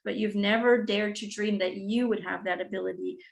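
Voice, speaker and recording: A woman's voice: mid-range voice, steady tone, a little fast, vocal fry, low-quality recording. A woman giving a channeled spiritual reading, relaying a guide's messages with frequent "he says" and ums. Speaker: spiritual reader.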